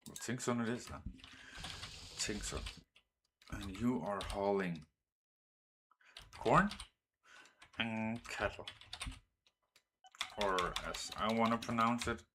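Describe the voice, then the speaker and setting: Set against background noise, a lower male voice with a Danish accent drawls through his game, thinking out loud as he plans train routes. The Denmark-born gaming streamer addresses his trains directly and lets out curses or exclamations at mishaps.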